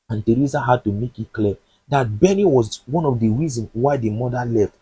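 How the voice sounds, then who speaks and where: A man's voice: medium pitch, animated, a little fast, mellow, breathy edge, no room sound, low-quality recording. A man recapping a drama series in chatty, sympathetic commentary. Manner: chatty, sympathetic, uses fillers. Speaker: movie recap presenter.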